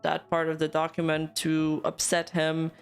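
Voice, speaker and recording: A woman's voice: low voice, completely flat delivery, normal speed, smooth, soft background music. A young woman who is losing her voice, hosting a live stream in casual chat, bubbly and laughing often. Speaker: streamer host.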